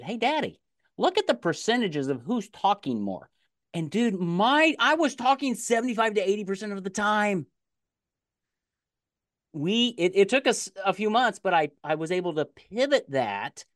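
Animated middle-aged male podcast host. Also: sits high, dry recording, studio quality. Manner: animated, laughs easily, repeats words when excited. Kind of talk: casual interview chat.

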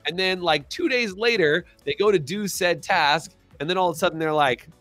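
A man's voice: on the high side, fairly quick, hardly any pauses, dry recording. Guy cohosting a coaching podcast, acts out scenes, dry mic, bit of music under it. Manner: animated, acts out quoted dialogue; asks listeners to comment in chat. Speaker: podcast co-host. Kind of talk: business coaching podcast talk.

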